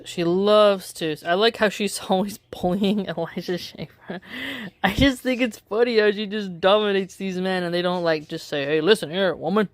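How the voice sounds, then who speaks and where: A woman giving casual opinion commentary in a wry, measured way, drawing out her phrases with pauses. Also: medium pitch, no echo. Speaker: political commentary vlogger.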